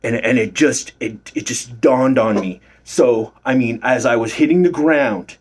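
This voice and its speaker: A man's voice: mid-range voice, measured pace, breathy edge. A middle-aged man recording himself at work, telling a rambling story about his bouncer days with fillers and swearing. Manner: rambling, swears freely, many fillers and restarts. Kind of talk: casual storytelling vlog. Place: at his workplace.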